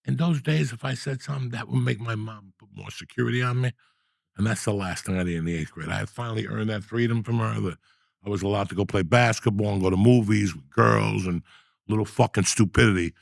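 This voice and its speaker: A middle-aged man tells his stories with a rough, gravelly rasp in a lowish register. He gets animated and profane as he talks. The sound is close and dry, with no room around it. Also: quick pace, no room sound. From New Jersey. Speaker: podcast host. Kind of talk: storytelling in casual chat.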